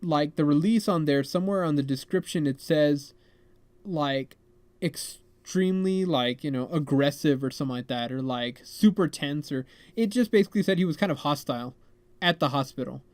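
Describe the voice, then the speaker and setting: A young man hosting a podcast, telling a story in a rambling, animated way full of "like" and "man". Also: on the high side, normal speed, no echo. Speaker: podcast host. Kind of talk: casual storytelling.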